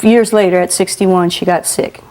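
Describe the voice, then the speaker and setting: A woman guest in an interview, telling a personal story in an animated way, acting out the voices of the people she quotes and laughing often. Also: lowish voice, moderate pace.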